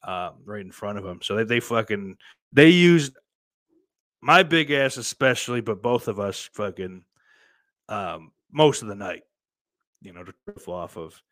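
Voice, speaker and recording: Rambling, foul-mouthed man, lowish voice. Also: animated, unhurried, pauses often, a bit bright, no room sound. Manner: profane, rambling, heavy on fillers. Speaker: podcast host. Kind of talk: casual rambling monologue.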